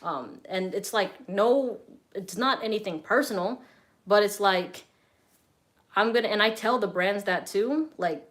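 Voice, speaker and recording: A woman's voice: fairly low pitch, fairly bright tone. Young woman, Southern Californian, casual, blunt, chatty, swears, reads out comments. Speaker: fragrance reviewer and streamer. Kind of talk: casual live-stream Q&A.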